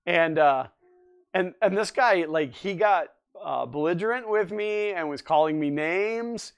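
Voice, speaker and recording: A man's voice: sits high, measured pace, smooth. A man in his forties hosting a casual live stream, rambling and chatting as he answers viewers' comments. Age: 40s. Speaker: livestream host.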